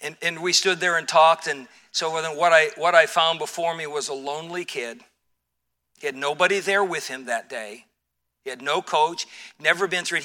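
Older male preacher, high and very bright, storytelling sermon with lots of restarts. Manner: storytelling, animated with repeated restarts. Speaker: pastor.

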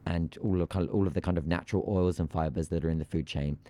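A man co-hosting an aviation news podcast, talking in a casual, animated, ranting way. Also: low voice, quick pace. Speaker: podcast co-host.

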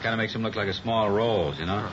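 A man's voice: on the low side, quick pace, close to an everyday voice. A man playing a chatty, jumpy garage owner. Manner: chatty, rambling small talk. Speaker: mechanic. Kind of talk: 1950s radio crime drama. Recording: lo-fi old radio recording with noise.

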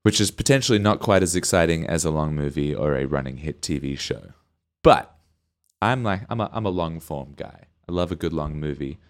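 A man's voice: a bass voice, lively intonation, fairly quick. A man co-hosting a comedy podcast, chatting casually, rambling and laughing often. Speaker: podcast co-host.

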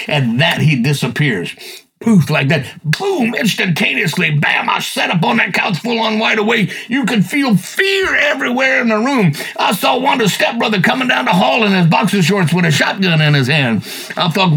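An older man tells a personal testimony in a folksy, plain-spoken style, with lots of "you know" and "man". His voice is gravelly and somewhat husky, and it sits a little above the usual male pitch. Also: a little fast, a bit bright. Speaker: podcast host.

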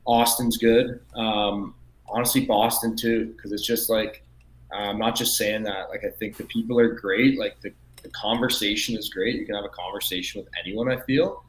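A man with a Canadian accent, a podcast guest chatting casually, rambling and halting with many fillers. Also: lowish voice, fairly even intonation, poor audio. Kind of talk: casual chat.

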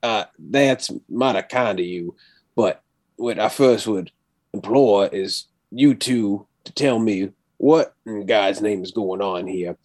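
A man voicing a stern rancher with a shotgun, in a halting put-on Southern drawl. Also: lowish voice, a little mellow, dry recording.

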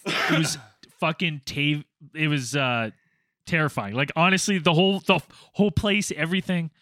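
A man with a notably high, bright voice tells a story in loose podcast chat. He rambles and fills his talk with "like". The sound is close and dry. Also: moderate pace, dry recording. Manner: rambling, repeats "like" often.

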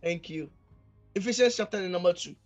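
A male pastor preaching a fervent sermon, repeatedly calling out to the congregation and swinging between shouting and near-quiet. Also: high voice, normal speed, faint music behind.

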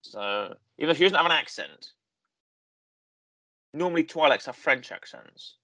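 A man's voice: fairly high pitch, animated, normal speed, sharp tone, dry recording. A man hosting a casual review conversation, talking in a rambling way and often correcting himself with fillers. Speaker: podcast host reviewing a series.

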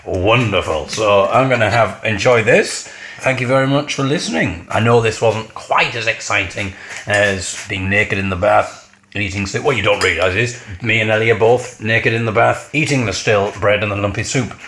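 This man's voice is on the low side yet fairly bright in tone, delivered at normal speed with slight background noise. A vlogger at home sharing a meal with his partner, he relates stories casually and mimics the voices of the people involved.

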